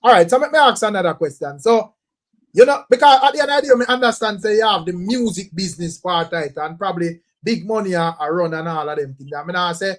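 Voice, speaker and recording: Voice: medium pitch, fast talker. A host with a Jamaican accent, asking long, winding questions in casual talk and agreeing with frequent "right".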